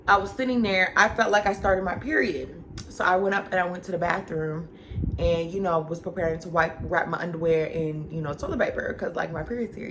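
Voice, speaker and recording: Young adult woman, talkative vlogger at home, casual storytelling voice, slight room hiss. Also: fairly low pitch. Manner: chatty, animated, addresses viewers as y'all and girl.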